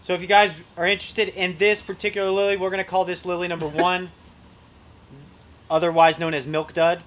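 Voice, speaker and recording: A man's voice: sits high, level tone, fast, fairly bright tone. A man hosting a live reptile sale, chatting casually and enthusiastically about the animals. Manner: upbeat, enthusiastic, admiring. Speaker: livestream host selling reptiles. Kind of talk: casual live sales chat.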